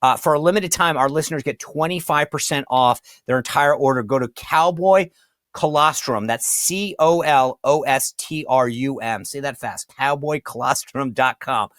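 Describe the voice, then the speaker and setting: A man of middle pitch hosts a talk show in a dry, close studio sound. He chats loosely and stumbles over words as he reads ads and brings in a guest. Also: moderate pace, fairly bright tone, dry recording. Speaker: podcast host. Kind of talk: casual host talk with ad reads.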